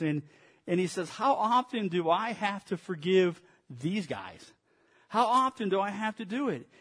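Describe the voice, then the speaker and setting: Male pastor, higher-pitched voice; narrative sermon delivery, occasional sarcastic asides. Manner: storytelling, with dry sarcasm.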